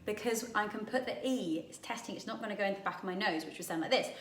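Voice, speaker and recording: A woman vocal coach, chatting through a singing warm-up lesson and demonstrating the exercises as she goes. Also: medium pitch, quick pace, echoey room, slight background noise.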